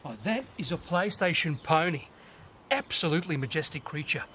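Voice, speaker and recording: A man's voice: on the high side, animated, normal speed, bright, forceful tone, a little hiss or hum. A man putting on a brash Australian wildlife-show host with a broad drawl. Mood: hushed showman.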